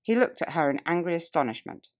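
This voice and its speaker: A woman reading a nonfiction audiobook aloud at a measured, even pace. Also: deep voice. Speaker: audiobook reader.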